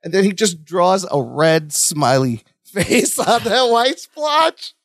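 A man co-hosts a casual podcast, recapping a sitcom scene by scene in an animated, laughing way. His voice sits high and swings widely in pitch. He is recorded dry and close, on a podcast mic. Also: slow pace, dry recording. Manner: animated retelling, laughing often. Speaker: podcast co-host.

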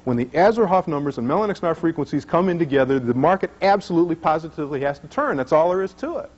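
A man's voice: fairly high pitch, lively intonation, fast, a little mellow, voice pushed up. Brief: man playing a flustered know-it-all dad, stammering and lecturing, dull lo-fi audio. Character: pompous market expert father, flustered. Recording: dull lo-fi recording.

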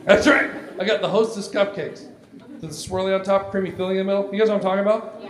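Man, forties, stand-up comic, high lively voice, echoey live room with crowd. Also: quick pace. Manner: loud, animated, often shouting for effect. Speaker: stand-up comedian. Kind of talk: stand-up comedy routine. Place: comedy stage before a live audience.

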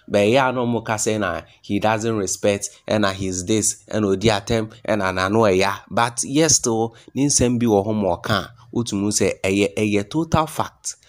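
A Ghanaian-accented man with a fairly low voice hosts a gossip commentary in a relaxed, conversational way. He drifts easily between Twi and English as he sets up the next clip. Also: moderate pace, few pauses. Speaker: gossip channel host.

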